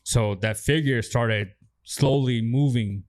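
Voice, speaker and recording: A man's voice: mid-range voice, takes it slowly. A man on a podcast, telling a story in a laid-back, plain way. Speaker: podcast co-host. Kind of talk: casual storytelling chat.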